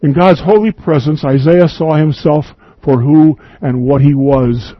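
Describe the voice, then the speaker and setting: A man's voice: on the high side, measured pace, no room sound, muffled recording. A man preaching an earnest, emphatic radio sermon, reading scripture and quoting at length.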